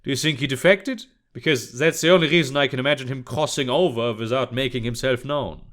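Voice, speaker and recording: A man's voice: mid-range voice, a little fast, a bit bright, lightly acted. A man voicing a weary middle-aged male border policeman who talks in a tired, lethargic way.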